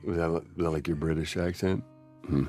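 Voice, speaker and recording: Gruff game father figure: low, dry, laconic teasing. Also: steady tone, fairly quick, a little mellow, faint music behind. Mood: dry amused. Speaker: game character. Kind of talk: video game voice acting.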